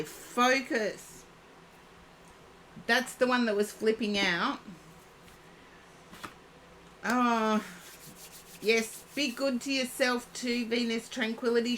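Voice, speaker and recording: A woman's voice: fairly high pitch, slow, pauses often, sharp tone, slight background noise. A woman giving a live-streamed oracle card reading, chatting and thinking aloud as she reads. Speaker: psychic card reader.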